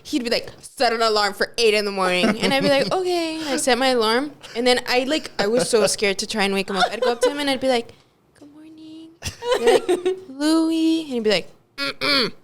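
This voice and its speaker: A woman appearing as a podcast guest in casual chat, excitable and acting out what others said. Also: a little high, fast talker. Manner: excited, acts out quotes.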